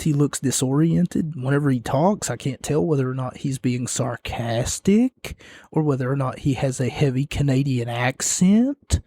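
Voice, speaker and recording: A man's voice: on the high side, mellow, no room sound, studio quality. A man hosting a podcast, giving casual wrestling commentary in a sarcastic, mocking rant. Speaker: podcast host.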